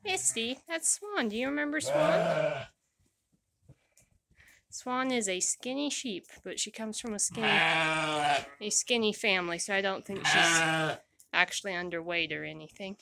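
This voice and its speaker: A woman's voice: expressive, a little slow, gravelly, long pauses, background noise. Chatty woman cooing to her sheep. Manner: chatty, cooing at animals with sudden high calls. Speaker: sheep farmer. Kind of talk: casual vlog among sheep. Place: outdoor sheep pasture. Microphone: handheld phone. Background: sheep bleating.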